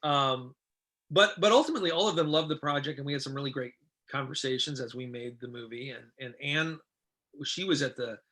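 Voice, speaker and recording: A middle-aged man, a film director, telling casual stories in an interview and acting out what others said in lively voices. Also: mid-range voice, fairly quick. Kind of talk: casual anecdotal storytelling.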